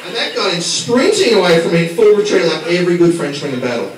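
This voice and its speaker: A man's voice: sits high, expressive, fast talker, hardly any pauses. A man from Australia doing a stand-up routine, brash and sweary, teasing the crowd. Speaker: stand-up comedian. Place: small comedy bar. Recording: echoey club from far off, crowd laughter.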